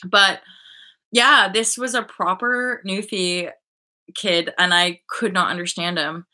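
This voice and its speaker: Woman, Canadian accent, thirties, livestream host, rambling casual chat, bright voice. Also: mid-range voice, moderate pace. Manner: rambling and chatty, restarts her sentences often. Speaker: host of a spiritual web show.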